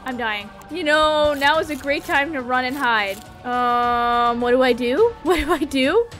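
A young adult woman giving casual gameplay commentary, excitable, pleading with and cursing at the game as she plays. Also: sits high, unhurried, faint music behind. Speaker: gaming YouTuber.

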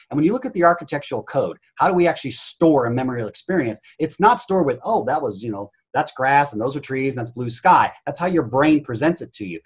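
Man, husky voice, lively swooping pitch, rapid, blunt, swears. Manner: blunt, swearing, animated and emphatic. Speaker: podcast guest, mental coach. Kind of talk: energetic interview talk.

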